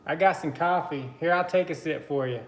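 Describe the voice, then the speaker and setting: A man's voice: fairly high pitch, a little fast, roomy sound. A man hosting a casual live stream, chatty and greeting his viewers by name between easy laughs. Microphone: computer mic on a live stream.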